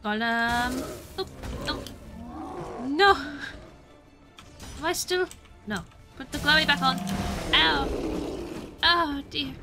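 A woman's voice: high-pitched, slow, long pauses, music in the background. A British woman streaming a video game, chatting playfully with viewers and cheering herself on through fights. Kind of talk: casual gameplay commentary.

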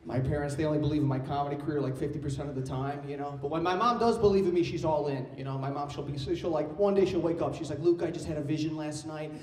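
A man's voice: fairly high pitch, fast talker, few pauses, a little mellow, slight background noise. A young man performing a stand-up comedy set in a club, talking to the crowd in a brash, loose and playful way. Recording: roomy live club sound, distant mic. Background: audience laughter.

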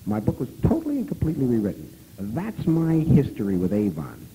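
A man telling a story at a live convention talk, animated and profane, who now and then breaks into loud shouting. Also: medium pitch, a little fast, creaky, slight background noise, rough recording. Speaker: guest of honor speaker.

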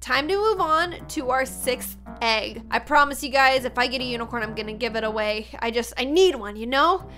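A woman giving excited, dramatic gameplay commentary as a YouTuber, often mocking herself. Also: high voice, normal speed, few pauses, soft background music. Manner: animated, dramatic, self-mocking. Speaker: gaming YouTuber.

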